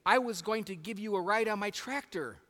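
Brief: gruff, big-handed farmer with broken English, as a preacher puts him on, higher pitch, reverberant hall. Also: male voice, fairly quick, pushed and bright. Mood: friendly. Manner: speaks in broken, accented English. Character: big older male farmer, gruff but kind.

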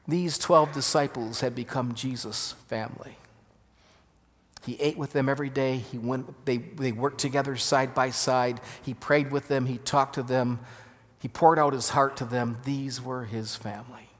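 Emphatic preacher in a reverberant hall. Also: male voice, mid-range voice, a little slow. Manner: earnest, emphatic preaching with self-corrections. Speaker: pastor. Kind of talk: sermon. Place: church sanctuary. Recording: long reverb of a church hall.

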